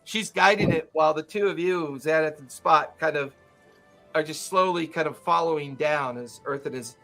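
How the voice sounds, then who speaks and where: A man's voice: fairly high pitch, moderate pace, sharp tone, soft background music. A man narrating a tabletop game as game master, describing scenes loosely with many fillers.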